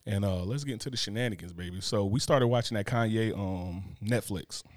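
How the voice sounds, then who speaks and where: A man's voice: fairly low pitch, fairly quick, dry recording, clean studio sound. A man co-hosting a podcast, chatting casually with a laid-back, slangy storytelling manner. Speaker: podcast co-host. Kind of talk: casual chat.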